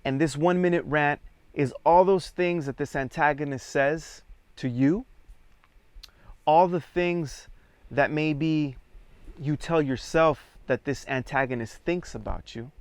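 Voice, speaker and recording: A man at medium pitch with a smooth, resonant voice guides a theatre exercise. He speaks calmly and in measured steps, counting the group in. The sound is close and dry. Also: no room sound. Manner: calm, measured, counts students in and prompts them. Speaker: theatre workshop leader.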